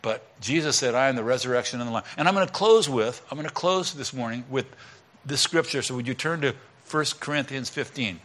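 A middle-aged male pastor giving a conversational sermon, swinging between loud emphatic lines and quiet asides. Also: medium pitch, lively intonation, fairly quick.

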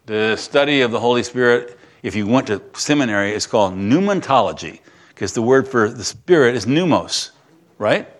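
Conversational preacher swinging to loud excitement. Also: male voice, medium pitch, normal speed. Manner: conversational, animated, with frequent fillers and sudden bursts of excitement. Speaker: pastor. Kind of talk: sermon.

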